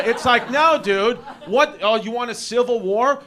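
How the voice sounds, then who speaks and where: Loud New York comedian, high voice. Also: male voice. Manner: loud, rapid, rambling rants with frequent laughs. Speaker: stand-up comedian. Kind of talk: stand-up comedy set. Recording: live club with crowd behind. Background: laughing audience.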